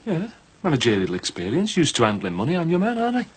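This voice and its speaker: A cocky, husky wheeler-dealer. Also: male voice, on the high side, wildly swooping pitch, fast, heavily acted. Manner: cocky, jokey and eager to help. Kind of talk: TV soap drama acting.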